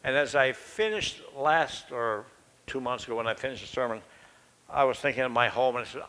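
A man's voice: medium pitch, a little fast, fairly bright tone, rough recording. An older man preaching a sermon in a church, telling a personal story in a folksy, conversational and self-deprecating way.

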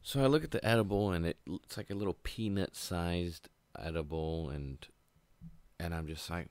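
Very deep, gravelly young man. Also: moderate pace, a little mellow, dry recording. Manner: casual, profane, laid-back rambling. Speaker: vlogger. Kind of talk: storytime monologue.

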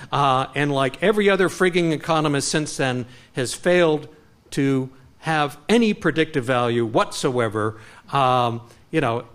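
Middle-aged male lecturer from Canada, impassioned, restless and animated, restarts often. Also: fairly high pitch. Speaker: guest speaker. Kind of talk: public lecture.

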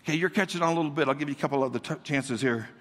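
A man's voice: on the high side, very fast, a bit bright, long reverb tail. A man giving a sermon as a guest pastor in a large church, speaking energetically, repeating words and calling on the congregation to answer back.

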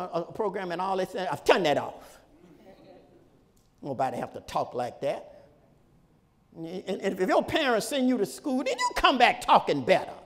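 A male pastor preaching a sermon in a folksy, repetitive style, with shouted peaks and laughter between points. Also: sits high, big-room sound. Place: church sanctuary.

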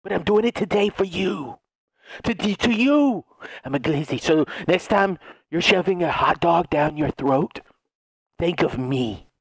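A man's voice: a little high, unhurried, breathy edge, no room sound, studio quality. A man in a goofy comedy skit, switching between silly put-on voices with lots of laughter. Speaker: content creator.

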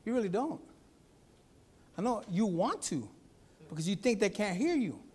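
A pastor preaching a Sunday sermon, telling a family story with acted-out voices. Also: male voice, sits high, normal speed, husky. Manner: animated storytelling, acts out voices.

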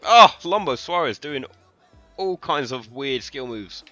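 A young man from London with a London English accent, chatting excitably to viewers and swearing freely while commentating his own football game. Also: medium pitch, unhurried, no echo, muffled recording, soft background music. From London, England. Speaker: gaming streamer. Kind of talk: live gameplay commentary.

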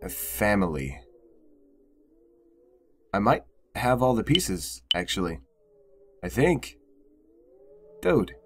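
A man's voice: on the low side, sing-song, slow pace, pauses often, noisy background. A young man commentating casually on a horror game, swearing often and getting exasperated. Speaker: gamer. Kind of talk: let's play commentary.

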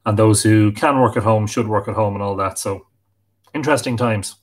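A man's voice: on the low side, moderate pace. Chatty Irish man hosting a stream. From Ireland. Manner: chatty, warmly greeting viewers one by one. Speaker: host of a live stream. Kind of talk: casual live-stream chat.

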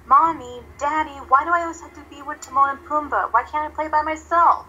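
A woman's voice: sits high, fairly even intonation, a little fast, bright, forceful tone, lo-fi sound, slight background noise, voice pushed up. A woman voicing a playful, restless young lioness cub who whines impatiently.

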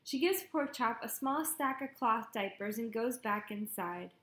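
A woman narrates an audiobook in the first person, wry and lively. Her voice sits on the high side. The sound is roomy, with a noticeable echo. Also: measured pace. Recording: echoey room.

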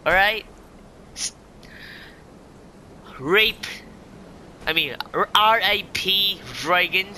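A man's voice: high-pitched, drawn-out words, pauses often. A man giving panicky live gameplay commentary, yelping and repeating words as he plays. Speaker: gaming YouTuber. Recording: loud game noise behind the voice.

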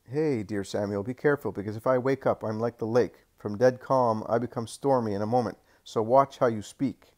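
A rough, hot-tempered fisherman who meets bluster with sarcastic, quick-witted retorts, as a male reader puts him on. He sounds plain-spoken and unimpressed, a storybook figure voiced in a middle-pitched male voice. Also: a little mellow, lightly acted. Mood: threatening. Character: blunt, hot-tempered fisherman apostle, grown man.

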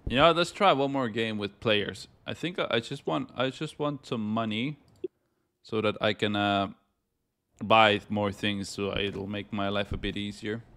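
A man giving jokey let's-play commentary on a horror game, talking to himself and breaking into panicked yelling. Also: lowish voice, unhurried. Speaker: gaming YouTuber.

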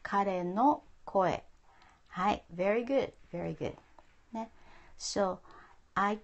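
Slow, gravelly teacher woman. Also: mid-range voice, expressive. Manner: patient, repeats phrases, mixes English and Japanese. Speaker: Japanese teacher. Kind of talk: live-streamed language lesson. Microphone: phone.

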